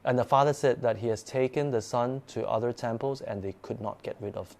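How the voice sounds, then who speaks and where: A man telling a personal ghost story in casual, animated speech, often repeating words as he goes. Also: mid-range voice, brisk. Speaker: guest storyteller.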